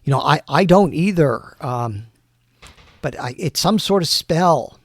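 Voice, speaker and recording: A man's voice: on the high side, animated, measured pace, no room sound. A man putting on a scared stammering young woman. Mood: scared, pleading. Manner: stammering, frightened.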